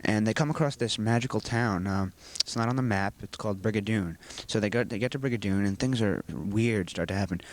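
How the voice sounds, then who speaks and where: Low-voiced teenage boy explaining at length. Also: brisk, few pauses. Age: teens. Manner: earnest, rambling explanations. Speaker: student actor being interviewed. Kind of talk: school video interview.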